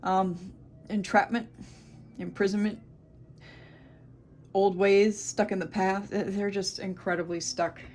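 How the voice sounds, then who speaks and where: A woman's voice: mid-range voice, little pitch movement, slow pace, long pauses, darkish tone, a little hiss or hum. A woman in her thirties giving a casual, rambling tarot reading to camera, thinking aloud with many fillers. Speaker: tarot reader.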